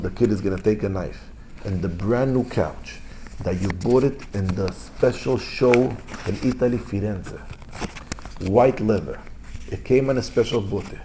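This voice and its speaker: Rabbi, middle-aged, mellow voice, animated storyteller swinging loud to hushed. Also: male voice, lowish voice, slight background noise. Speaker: rabbi giving a Torah class. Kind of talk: Torah class storytelling.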